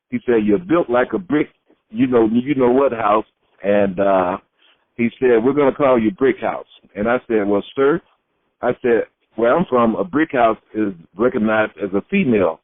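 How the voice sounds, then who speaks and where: Over a tinny, phone-like line with a dry sound, a middle-aged Floridian guest, a retired pro wrestler, spins tales in a storytelling shoot interview. His mid-range voice stays lively as he performs the voices of anyone he quotes.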